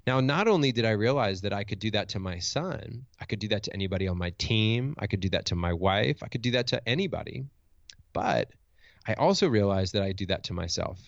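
Middle-aged male coach, low gravelly voice, reflective and earnest, dry lo-fi sound. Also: animated, fairly quick, no room sound. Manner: reflective, earnest, with frequent restarts. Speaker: motivational speaker and coach. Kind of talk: storytelling in conversation. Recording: dull lo-fi dry recording.

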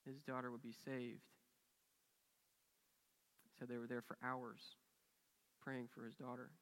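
A man's voice: mid-range voice, little pitch movement, unhurried, fairly bright tone. Earnest man preaching in a reverberant church hall. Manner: earnest, acts out quoted dialogue with rising and falling intensity. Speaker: pastor. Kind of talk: sermon storytelling. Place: church sanctuary.

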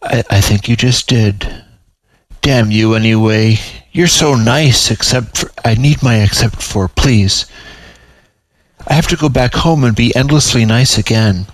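A man's voice: medium pitch, a little slow, no room sound, lightly acted. A proud, weary female panther-like cat, as a man puts her on, sighing and grumbling with grudging exasperation. The recording is dry and close, with no room sound. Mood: exasperated.

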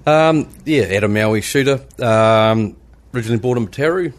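A man's voice: mid-range voice, normal speed. A man from New Zealand with a New Zealand accent, a landscaper guest on a podcast, laid-back and self-deprecating. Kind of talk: casual podcast interview. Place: studio.

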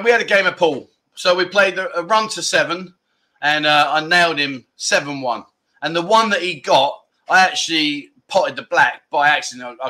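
A man hosting a casual livestream, chatty and quick to laugh as he greets viewers and rambles through stories. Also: a little high, pushed and bright. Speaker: livestream host.

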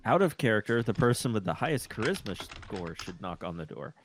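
A man's voice: fairly low pitch, very animated, fairly quick, slight background noise. A man playing a tabletop game, chatting in a playful, jokey way. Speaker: player. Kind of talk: casual tabletop game chat.

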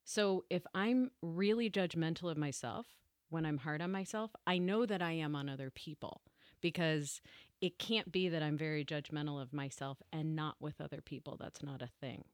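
A woman co-hosting a reflective podcast chat with a fairly low voice. The sound is dry and close. She talks candidly in slow, deliberate phrases and laughs easily. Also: dry recording. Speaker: podcast co-host. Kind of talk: casual reflective conversation.

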